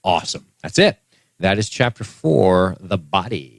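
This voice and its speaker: A man co-hosting a podcast in casual chat, upbeat and teasing, quick to agree. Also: sits low, sing-song, gravelly, no room sound. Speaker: podcast co-host.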